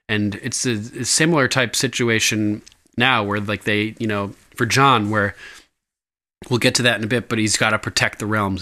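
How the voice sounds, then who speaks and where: A man recapping a show in a casual chat, animated and quick to laugh, swearing freely. His voice is bright and forceful. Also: fairly low pitch. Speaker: podcast host.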